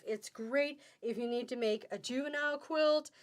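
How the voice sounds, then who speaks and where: A middle-aged woman runs a webcam fabric sale, keeping the live-stream selling chat cheerful and punctuated with sing-song exclamations. She speaks at a moderate pace in a fairly high voice.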